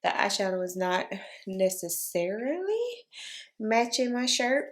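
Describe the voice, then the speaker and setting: A woman chatting casually through a makeup tutorial, speaking low in her morning voice and calling her viewers y'all. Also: measured pace. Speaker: beauty vlogger.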